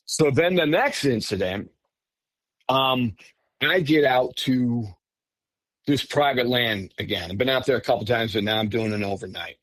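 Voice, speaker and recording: A man telling his own story as a podcast guest in a casual, animated way, often breaking off and restarting. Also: medium pitch, unhurried, no echo. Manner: animated, self-interrupting, says "frickin'". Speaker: podcast guest recounting encounters.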